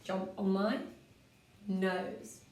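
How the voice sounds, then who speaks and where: Woman doing a cheeky hungry bunny, high squeaky voice, hurried urging, storybook, roomy sound. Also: flat delivery, a little mellow. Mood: urgent. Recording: roomy, from a distance.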